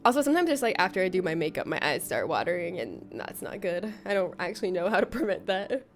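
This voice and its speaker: A woman's voice: fairly low pitch, big pitch swings, quick pace, soft background music. A woman livestreaming a game, chatting casually with viewers, rambling and giggling often.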